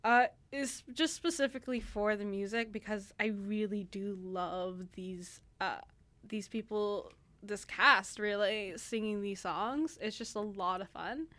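A woman's voice: medium pitch, measured pace, fairly bright tone. A young woman reviewing a play in casual radio chat, talking loosely with many fillers and restarts. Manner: chatty, lots of fillers and restarts, laughs easily. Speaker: theatre reviewer.

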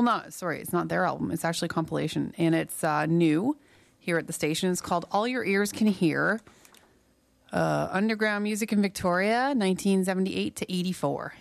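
A woman's voice: on the low side, gravelly, no room sound. A young woman working as a campus radio DJ, chatting casually between songs, rambling and correcting herself, slightly out of breath. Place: small radio studio. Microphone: studio microphone.

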